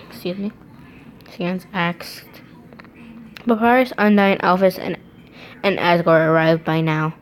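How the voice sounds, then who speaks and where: A woman's voice: lowish voice, fairly even intonation, measured pace, long pauses, slight background noise, rough recording. A woman reading fan fiction aloud, breaking off to laugh and comment on it.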